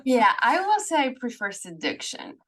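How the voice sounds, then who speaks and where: A woman's voice: high voice, big pitch swings, moderate pace, fairly bright tone. A woman guest on a podcast, answering questions in a hesitant way, with lots of fillers and slightly non-native phrasing. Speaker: guest, business coach.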